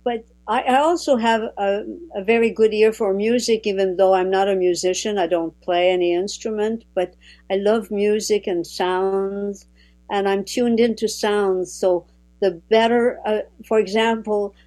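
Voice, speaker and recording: A woman from Quebec whose first language is French, chatting thoughtfully in conversation, often pausing and restarting her sentences. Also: mid-range voice, fairly even intonation, dark tone, poor audio. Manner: thoughtful, with frequent restarts and hesitations. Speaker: guest. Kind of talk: casual conversation.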